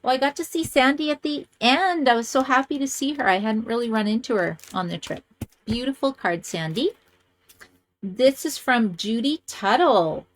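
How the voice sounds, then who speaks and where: A woman hosting a card-making video, chatting casually and gushing as she shows cards to the camera. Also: normal speed. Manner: gushing, chatty, lively swings in pitch.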